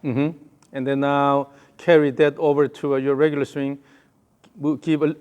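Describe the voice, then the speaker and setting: A man's voice: mid-range voice, flat delivery, moderate pace, a little mellow, a little hiss or hum. A male golf coach giving a hands-on lesson, calling short repeated cues and humming the count and rhythm.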